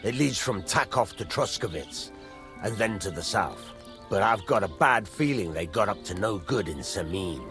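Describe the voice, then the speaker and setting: An actor playing a gruff middle-aged blacksmith who grumbles and curses, in a video game. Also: male voice, fairly low pitch, animated, normal speed, fairly bright tone, faint music behind. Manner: gruff, cursing.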